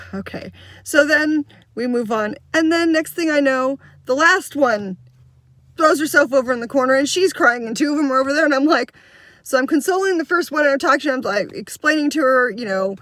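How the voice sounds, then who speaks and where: A woman's voice: a little high, no room sound, clean studio sound. A woman in her fifties who directs children's theater, telling a story in a casual vlog and acting out the voices of the kids. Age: 50s. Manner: animated, acts out kids' voices in quotes.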